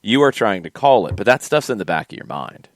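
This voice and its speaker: A man co-hosting a casual soccer podcast, emphatic and opinionated, quick to push back. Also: lowish voice, sing-song, no room sound, clean studio sound. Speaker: podcast co-host. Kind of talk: casual sports talk.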